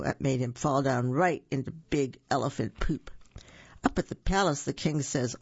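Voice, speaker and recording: A storyteller reads children's picture books aloud in a lively, sing-song manner, making small slips along the way. The voice is mid-range and moderately paced, creaky with a breathy edge, captured on a dull, dry lo-fi recording with no echo.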